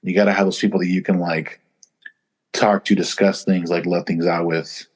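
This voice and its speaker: Podcast co-host, male, low-pitched, loose storyteller, filler-heavy casual chat. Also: little pitch movement, moderate pace, slightly rough. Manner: rambling storyteller with many fillers.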